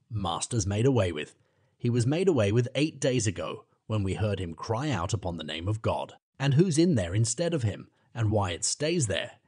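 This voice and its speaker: A man's voice: fairly low pitch, darkish tone, breathy edge, no echo, clean studio sound. A man voicing an anxious, loyal older male butler who speaks in a harsh, broken way.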